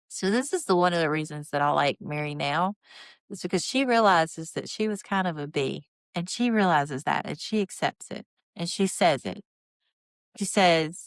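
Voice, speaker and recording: A woman hosting a podcast, recapping a reality TV show in an exasperated, sarcastic, opinionated way and reading quotes out quickly. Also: deep voice, no echo, clean studio sound. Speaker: podcast host.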